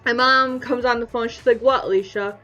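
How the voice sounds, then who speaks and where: A young woman with a high, bright voice tells a personal story to camera, acting out the voices of the people in it. The audio is a little dull, with soft music playing underneath. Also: a little fast. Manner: animated retelling, acting out quoted voices. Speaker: vlogger.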